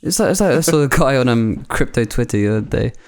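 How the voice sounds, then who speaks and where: A man's voice: mid-range voice, animated, fast talker, crowd noise. A man co-hosting a casual podcast. He chats in a laid-back way, sprinkling his talk with "like" and "mate". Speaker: podcast co-host. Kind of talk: casual chat.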